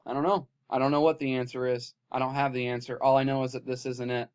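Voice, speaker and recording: A man recording an impassioned vlog rant, swinging between loud, heated outbursts and low, weary muttering. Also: level tone, fast talker, smooth. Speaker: vlogger.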